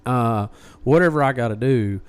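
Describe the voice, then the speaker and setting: A man co-hosting a podcast, casually retelling a story and acting out what others said in lively quoted voices. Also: mid-range voice, normal speed, clear, resonant tone. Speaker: podcast co-host.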